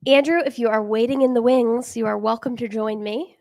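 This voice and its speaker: Woman webinar host, welcoming and upbeat, creaky voice, dry video-call sound. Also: a little high, steady tone, fairly quick, a little mellow, no echo. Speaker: webinar host, product director. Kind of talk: live trading webinar chat. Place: home in Denver.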